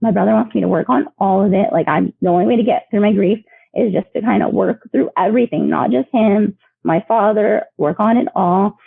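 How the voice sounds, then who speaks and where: A woman guest sharing personal stories in a lively, chatty way, with many fillers and laughs, heard over a remote call. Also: mid-range voice, fairly quick, vocal fry, husky, no echo. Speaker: podcast guest. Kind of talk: emotional storytelling. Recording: tinny phone line.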